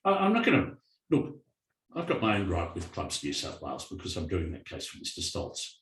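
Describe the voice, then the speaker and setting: A middle-aged Australian man talks bluntly on a live panel, and his pitch swings widely as he tells his stories. His voice rings out in a roomy, echoey venue. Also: brisk. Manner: blunt, animated storyteller. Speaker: panel guest. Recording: echoey event room.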